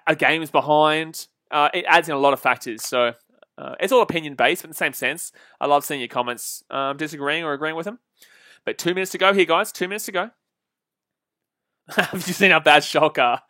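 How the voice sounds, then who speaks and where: A young man chats through a football match on his stream, laughing easily and swearing offhand. His voice is bright and a touch high, and the sound is close and dry with no room echo. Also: quick pace. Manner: chatty, laughs often, swears casually. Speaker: livestream football watch-along host. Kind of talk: casual live commentary reading chat.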